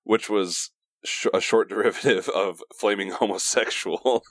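Deep-voiced male podcast guest. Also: unhurried, fairly bright tone, no room sound. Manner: rambling, many fillers and asides. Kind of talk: casual podcast chat. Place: home studio.

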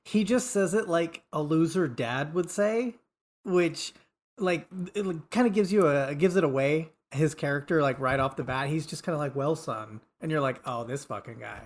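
A man joining a podcast as a guest, making rambling, halting comments in casual chat. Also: on the high side. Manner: rambling, hesitant asides.

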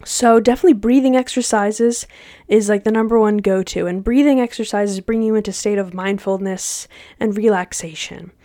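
Young woman, podcast host, casual chat, slangy and animated, dry close sound. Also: mid-range voice, normal speed, no room sound. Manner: chatty, slangy, animated with laughs.

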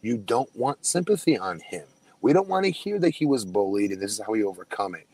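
Casting: middle-aged man, low voice, casual podcast co-host, self-deprecating storyteller. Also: sing-song, fairly quick, darkish tone, poor audio. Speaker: podcast co-host, former wrestler. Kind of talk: casual chat.

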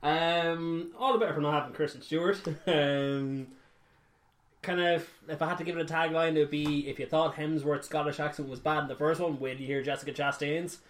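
A man's voice: a little high, fairly even intonation, brisk. A man co-hosting a casual gaming podcast, telling stories wryly and laughing along. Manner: wry, laughs through his stories. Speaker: podcast co-host. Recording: echoey room.

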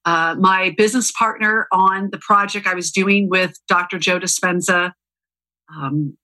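A woman's voice: medium pitch, bright, forceful tone, low-quality recording. A woman guest on a podcast, talking earnestly and repeating words for emphasis. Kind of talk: casual interview talk.

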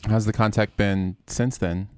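A man's voice: fairly low pitch, steady tone, measured pace, darkish tone, clean tone, no room sound. A man in a casual conversation asking questions, wry and teasing, often laughing along.

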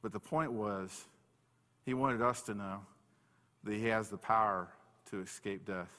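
A pastor giving a conversational sermon and reading scripture aloud slowly, with plain restarts as he talks. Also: on the low side, bright, forceful tone. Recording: long reverb of a hall.

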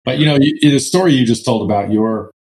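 A man's voice: medium pitch, brisk, a little mellow, poor audio. A man who works as a franchise consultant, talking as a guest and explaining earnestly, with fillers now and then. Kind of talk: casual interview talk.

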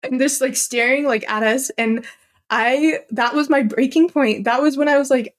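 A young woman with a slightly raised pitch co-hosts a podcast and recounts a personal story. She talks casually and with emotion, leaning on "like" as she goes. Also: moderate pace. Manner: animated and emotional, heavy use of "like". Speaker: podcast co-host.

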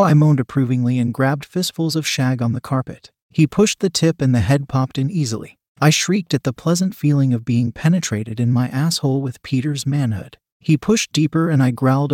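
A man reading an erotic story aloud in the first person, steady and unhurried. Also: medium pitch, no echo, clean studio sound. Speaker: story narrator.

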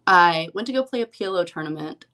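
A woman's voice: on the low side, lively intonation, quick pace, a bit bright. A young woman, a professional poker player, talking frankly and casually as an interview guest, with lots of "like" fillers. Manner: chatty, frank, many "like" fillers.

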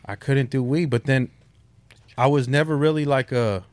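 A man's voice: mid-range voice, moderate pace, a little mellow, no echo. A man talking as a podcast guest in casual chat, laid-back and swearing freely.

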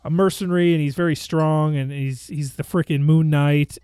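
A man in casual chat as a podcast co-host, relaxed and rambling, with dry jokes. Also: a little high, normal speed, clear, resonant tone, no echo.

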